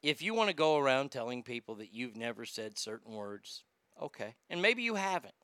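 Male podcast host, profane and rambling, bright crisp voice, dry close mic. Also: mid-range voice, sing-song, brisk, no room sound. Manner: profane, rambling, reads listener comments aloud. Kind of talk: casual commentary.

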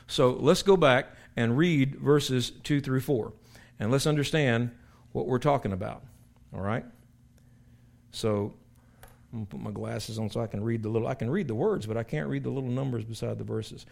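A man's voice: mid-range voice, normal speed, creaky. An older male pastor teaches scripture in a plain, everyday speaking voice. He talks conversationally but with emphasis, circling back and repeating his phrases as he explains verses. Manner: conversational and emphatic, with frequent repetitions and restarts. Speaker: pastor teaching a Bible study. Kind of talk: sermon-style Bible teaching.

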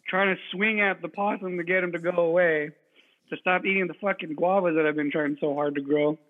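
A man co-hosting a podcast, telling an animated, profane story in casual chat. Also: on the high side, normal speed. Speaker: podcast co-host. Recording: tinny phone-like sound.

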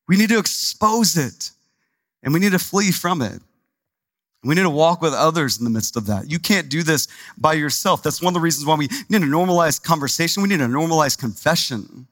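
A man's voice: on the high side, animated, moderate pace, fairly bright tone, dry recording. A male pastor delivering a sermon in a conversational, emphatic way, repeating phrases for stress.

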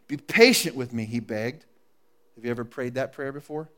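A man preaching a sermon to his congregation, dropping to a hush and then rising to loud, emphatic appeals. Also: mid-range voice, moderate pace, pauses often. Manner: swings from hushed and intimate to loud and emphatic, coaxing the congregation. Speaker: pastor. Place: church service before a congregation. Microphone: live sermon recording.

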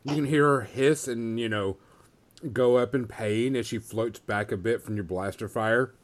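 A man running a tabletop role-playing game as game master, narrating the action slowly and deliberately. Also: medium pitch. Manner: descriptive, slow and deliberate narration.

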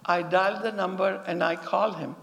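A woman with a gravelly voice recounts stories to an audience, animated and fond of repeating a phrase for emphasis. Her voice carries a long reverb from a large hall. She is speaking as a school founder. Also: lowish voice, moderate pace. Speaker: humanitarian and girls' school founder. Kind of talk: storytelling talk to an audience.

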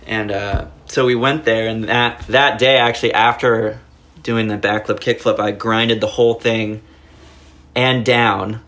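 A man's voice: on the low side, steady tone, measured pace, fairly bright tone. A young man telling a long story in casual chat, rambling with lots of filler words and cursing. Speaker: podcast guest.

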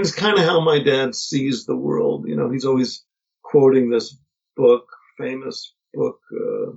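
Gravelly middle-aged man, reflective storyteller. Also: medium pitch, a little mellow. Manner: reflective storytelling with many pauses and restarts. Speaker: podcast guest. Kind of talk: casual conversation. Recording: dull lo-fi podcast audio.

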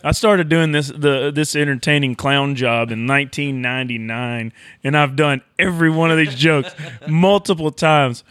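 A man's voice: a little high, fairly even intonation, normal speed, a bit bright. A man who works as a rodeo entertainer, joking and teasing on a casual podcast. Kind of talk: casual chat.

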